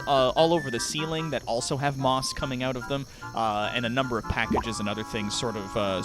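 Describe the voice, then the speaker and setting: A man narrating a tabletop game as game master, animated and quick to laugh, with many fillers. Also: medium pitch.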